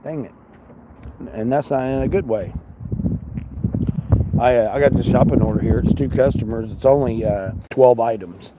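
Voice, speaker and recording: A man's voice: medium pitch, moderate pace, pauses often, very noisy. A man chatting casually with a live audience while picking a shopping order in a large store, joking and mildly exasperated. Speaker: livestreaming grocery shopper.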